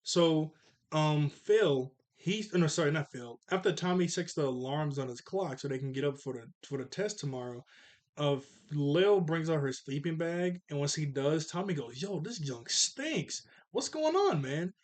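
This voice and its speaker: A man's voice: a little high, moderate pace, a little mellow. A man casually recapping a cartoon episode at home, slangy and chatty, laughing often and correcting himself as he goes.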